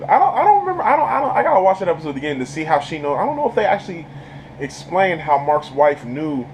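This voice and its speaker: A man's voice: a little high, very animated, quick pace, slight background noise, rough recording. A man giving a casual, enthusiastic spoken review of a TV episode, rambling and laughing often. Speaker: YouTube show reviewer.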